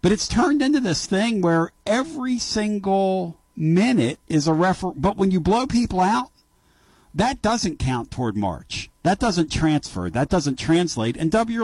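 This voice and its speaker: A man hosting a sports call-in radio show, talking emphatically and trading quick remarks with callers. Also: high-pitched, no room sound. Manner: animated and emphatic, quick back-and-forth with callers. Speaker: sports talk radio host.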